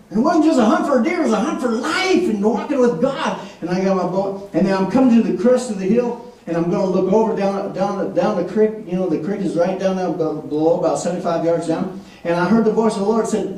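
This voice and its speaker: A man preaching a sermon as an animated storyteller, acting out voices and laughing often. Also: high voice, fairly quick. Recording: echoey room from far off with faint noise.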